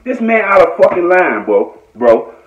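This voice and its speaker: A man's voice: sits high, sing-song, a little slow. A man from Norfolk, Virginia, delivering a heated, repetitive, profane rant on a live stream. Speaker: online commentator. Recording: echoey, dull lo-fi phone audio.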